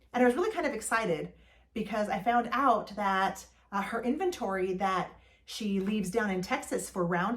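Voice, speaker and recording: Chatty woman hosting a vintage haul. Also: medium pitch. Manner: chatty, enthusiastic, with many fillers. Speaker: vlog host. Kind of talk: casual shopping haul talk.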